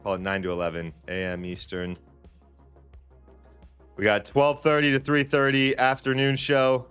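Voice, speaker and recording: A man with a smooth, resonant voice at a middle pitch hosts a live trading stream. His talk is loose and chatty, full of repeated phrases and quick restarts. Faint music plays behind him. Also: little pitch movement, a bit bright. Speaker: livestream trading host. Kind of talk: casual live-stream chat.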